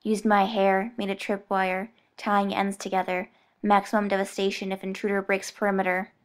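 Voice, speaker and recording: Woman doing a halting, anxious boy. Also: mid-range voice, little pitch movement, close to an everyday voice. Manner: fragmented, halting. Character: confused, anxious boy clone.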